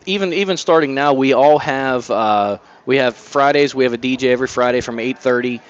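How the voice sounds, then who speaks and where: A man's voice: medium pitch, a little fast, no room sound, highs cut off. A man who owns a bar, answering interview questions in an easygoing, plain-spoken way. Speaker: bar owner.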